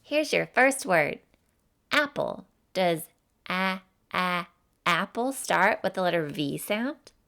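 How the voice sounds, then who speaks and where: A woman's voice: fairly low pitch, big pitch swings, slow, gravelly, a bit bright, full character voice. A woman voicing a cheerful, folksy teacher, giving an encouraging, sing-song phonics lesson for children.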